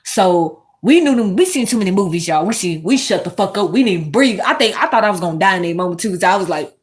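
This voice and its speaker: A woman hosting a casual commentary monologue, animated and swearing, talking straight to her viewers. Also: medium pitch, fast talker. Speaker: commentary host.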